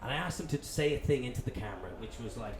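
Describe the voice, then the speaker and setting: An Irish man, a radio presenter guesting on a live comedy chat show, telling animated stories and swearing freely. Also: medium pitch, rapid-fire. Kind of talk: live anecdotal storytelling. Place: comedy club venue with live audience. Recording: echoey club room with audience noise.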